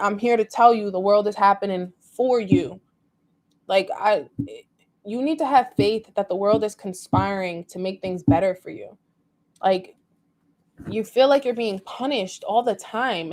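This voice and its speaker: A woman's voice: medium pitch, darkish tone, slight background noise. Rambling, emotive woman tarot reader. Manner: rambling and emotive, heavy use of "like". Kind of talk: casual tarot reading to viewers.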